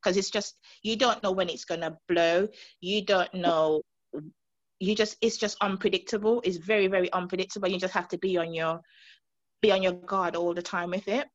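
A woman from Montserrat relives a frightening day for an interviewer, her pitch leaping high as she acts out each voice in the story. The recording is dry and a little dull. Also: fairly even intonation, moderate pace, dry recording. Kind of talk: emotional personal recollection.

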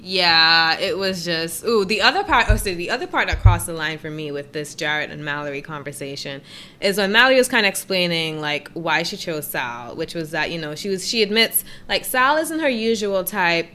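A woman's voice: fairly low pitch, animated, normal speed, sharp tone. A woman co-hosting a podcast who gives blunt, mocking opinions on a reality show in casual chat. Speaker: podcast co-host.

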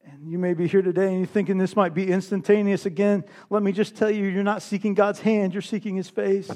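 A pastor with a high, bright male voice delivers a sermon to his congregation. His preaching swings between loud, forceful declarations and quiet, hushed lines. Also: little pitch movement, brisk.

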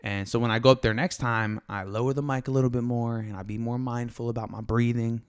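A young man speaks quickly and with animated excitement on his solo podcast. His voice sits at an ordinary middle pitch, and he talks in a casual, conversational way. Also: clear, resonant tone. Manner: fast, excitable, animated storytelling. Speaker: podcast host.

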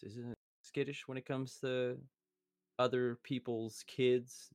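A man's voice: medium pitch, little pitch movement, takes it slowly, darkish tone, clear, resonant tone, dry recording, clean studio sound. A man in casual podcast chat with a friend, rambling and profane, laughing often. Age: adult, a parent.

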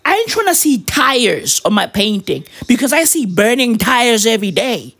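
A woman's voice: on the high side, sing-song, normal speed, gravelly, fairly bright tone, husky. A young woman from Africa, delivering a profane comedic rant that keeps tossing in "right?". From South Africa.

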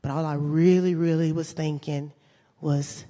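An animated woman, spinning a comic personal story for a live audience. She laughs through her lines, and her voice carries a long hall reverb around it. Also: low-pitched, a little slow.

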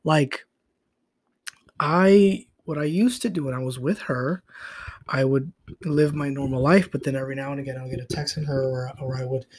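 A man's voice: a little high, darkish tone, slightly rough. A man hosting a casual solo podcast, talking in a rambling, confessional way and swearing often, recorded on a phone. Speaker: podcast host. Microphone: iPhone recording.

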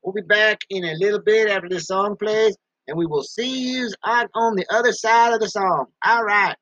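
A man's voice: high-pitched, normal speed, pushed and bright, dry recording. A man hosting his own show from a basement, rambling casually, repeating himself and talking about himself in the third person. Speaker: podcast host. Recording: dull muffled sound.

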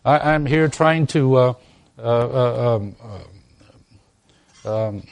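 A man's voice: mid-range voice, slow pace, gravelly, clear, resonant tone. A man preaching a sermon to a congregation, emphatic, often restarting his words and asking them rhetorical questions. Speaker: pastor.

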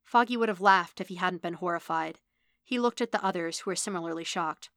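A woman reading a fan fiction story aloud as narration, in a steady, even delivery. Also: fairly low pitch, a little fast, dry recording, clean studio sound. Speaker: podfic reader.

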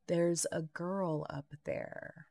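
Dry, matter-of-fact woman official, read by a woman, low and gravelly. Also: moderate pace, no room sound, close to an everyday voice. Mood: wry. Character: wry, hard-drinking woman official.

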